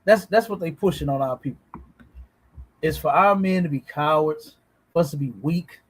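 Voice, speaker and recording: A man with a rather high voice holds forth on a livestream, reacting to clips. He talks bluntly and preachily, curses freely, and keeps checking in with his listeners. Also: normal speed, slightly rough, rough recording. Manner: blunt, preachy, swears, asks "you understand?". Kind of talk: casual commentary on a livestream.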